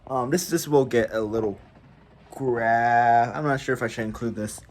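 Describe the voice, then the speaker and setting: A man's voice: mid-range voice, darkish tone. Tired young man rambling with fillers. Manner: halting, full of "like" and "um", restarts. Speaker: vlogger. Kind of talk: casual diary vlog.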